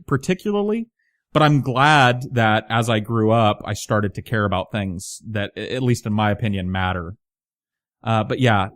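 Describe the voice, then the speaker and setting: A man's voice: lowish voice, dry recording, clean studio sound. A man in his thirties with a light Southern twang, rambling casually and self-mockingly to his channel, swearing often. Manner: rambling, profane, self-mocking, many restarts. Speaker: channel host. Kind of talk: casual monologue to camera.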